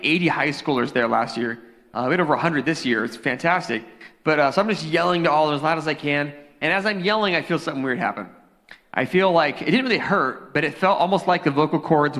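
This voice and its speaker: A young male youth pastor tells a story from the pulpit in a relaxed, joking sermon, his voice sitting a little high for a man. He talks into a handheld microphone, and the sound rings with long reverb through the church sanctuary. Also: a little fast. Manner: casual storytelling, animated and joking.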